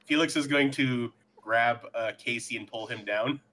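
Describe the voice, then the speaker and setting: Bright-voiced man narrating his character's moves. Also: mid-range voice, normal speed, slight background noise. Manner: describes his character's actions. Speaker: player. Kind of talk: tabletop role-play narration.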